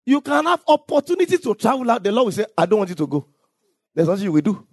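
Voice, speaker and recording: A man preaching a sermon as pastor, reading scripture aloud and at times shouting or singing out phrases. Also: high-pitched, big pitch swings, quick pace, husky, dry recording.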